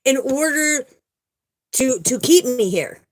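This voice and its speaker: A woman's voice: high-pitched, lively intonation, slow, low-quality recording. A woman giving an earnest, emphatic spiritual talk and telling a personal story, often repeating herself for emphasis. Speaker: spiritual vlogger. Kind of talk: casual spiritual talk and testimony.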